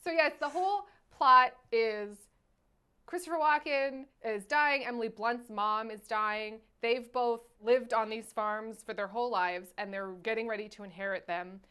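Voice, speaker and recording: A woman co-hosting a casual movie review podcast, animated and often acting out quotes in silly voices. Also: fairly high pitch, moderate pace, clean tone. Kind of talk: casual chat.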